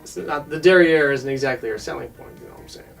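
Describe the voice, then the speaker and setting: A man's voice: medium pitch, fast, gravelly, fairly bright tone. Jokey man recapping with faint music. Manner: jokey, recaps scenes with goofy quoted voices. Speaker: podcast co-host. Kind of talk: casual episode review chat. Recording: distant mic with faint music.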